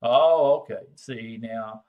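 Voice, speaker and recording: A man's voice: medium pitch, slow, narrow, tinny audio. An older man with a Texan accent, hosting a casual, folksy chat with viewers in a drawling, salty way. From Texas. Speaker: livestream host.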